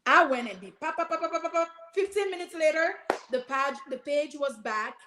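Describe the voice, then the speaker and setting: A woman's voice: high-pitched, expressive, brisk, echoey room, noisy background. A woman guest on a podcast, telling a personal story earnestly and animatedly, quoting her own prayers.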